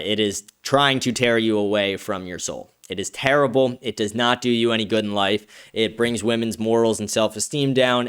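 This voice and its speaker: A man hosting a livestream, reading viewer comments with profane, combative ranting that turns excited when he is pleased. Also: lowish voice, clean tone. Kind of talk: casual streaming talk.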